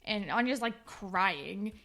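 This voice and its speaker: A woman's voice: mid-range voice, animated, slow pace, sharp tone. A young woman co-hosting a podcast, casually recapping a TV episode and acting out the characters' lines. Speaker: podcast co-host.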